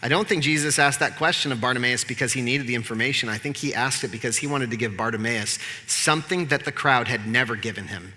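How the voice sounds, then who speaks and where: A man preaching a sermon as pastor, telling the story in an animated, conversational way with humor. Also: mid-range voice, fast talker, few pauses, in a large hall. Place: church sanctuary.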